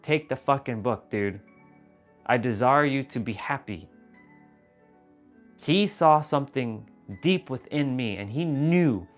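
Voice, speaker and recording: Casual, profane man hosting a livestream at home, medium pitch, faint music underneath. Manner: animated, profane, confessional. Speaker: livestream host. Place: room at home.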